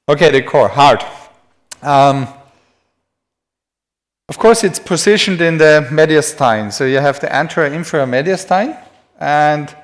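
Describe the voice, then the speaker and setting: A native English-speaking man with a fairly high voice gives a live-streamed anatomy lecture, writing on a board as he talks. His manner is chatty and self-deprecating.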